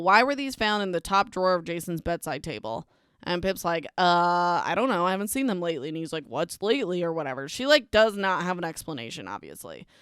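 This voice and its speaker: A young woman hosting a podcast, giving a casual, sarcastic recap of a novel, full of "like" and "whatever" and quick to dismiss the characters. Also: on the low side, fairly bright tone, smooth, dry recording, clean studio sound. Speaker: podcast host.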